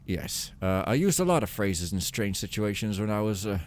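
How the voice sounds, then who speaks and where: A man's voice: on the low side, sing-song, moderate pace, a little mellow, slight background noise. Joking man rambling over gameplay. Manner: joking, rambling, self-mocking. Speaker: Let's Play commentator. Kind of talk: casual gameplay commentary.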